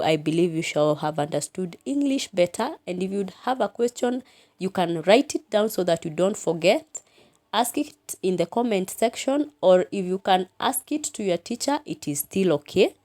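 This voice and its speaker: A woman teaching an English lesson, reading a poem aloud slowly and dictating each punctuation mark. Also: fairly low pitch. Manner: slow and deliberate, dictating punctuation, expressive.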